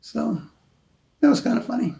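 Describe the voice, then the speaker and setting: An older Army veteran from the United States rambles through anecdotes for an oral history interview in a hotel room, chuckling frequently and peppering his talk with "you know." He speaks at normal speed with a warm tone, and the recording is rough.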